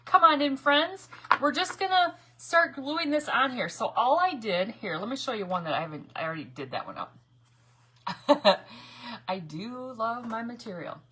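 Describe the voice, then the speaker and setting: A woman's voice: a little high, expressive, normal speed, a bit bright, husky. A woman hosting a casual live crafting stream, chatty and laughing often as she greets viewers by name. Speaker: craft livestream host.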